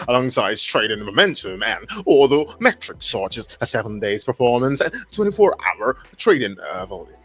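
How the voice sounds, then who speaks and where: A man hosting a casual livestream, reading an article aloud haltingly and breaking off to react and greet his chat. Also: on the low side, sing-song, a bit bright, slightly rough. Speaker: livestream host.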